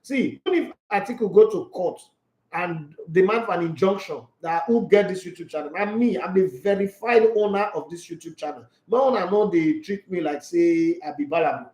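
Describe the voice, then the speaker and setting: An animated man with a Nigerian accent chats through a casual sports live stream, reading viewer comments aloud and teasing them. His voice sits a little high for a man, and the room adds a clear echo. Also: brisk. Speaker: sports channel host.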